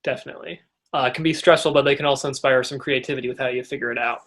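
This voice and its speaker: A teenage boy co-hosts a casual interview. He speaks in a middle pitch and wanders through his answers with halting restarts and fillers. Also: fairly even intonation, fairly bright tone. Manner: rambling, halting, many restarts. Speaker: young actor, co-host.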